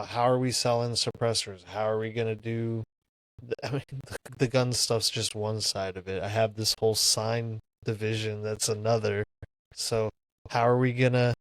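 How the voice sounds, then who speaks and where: A man talks casually on a podcast, stopping and restarting his sentences and filling gaps with "uh" and "like." His voice sits at an ordinary middle pitch. The recording is close and dry, with no room sound. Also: no echo, poor audio. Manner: halting, repeats himself, frequent fillers. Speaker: podcast co-host. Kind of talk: casual chat.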